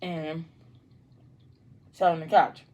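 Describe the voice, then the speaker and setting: Lower-voiced woman retelling a story. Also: takes it slowly, highs cut off. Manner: animated plot retelling with asides to viewers. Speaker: vlogger. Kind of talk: casual storytelling while eating.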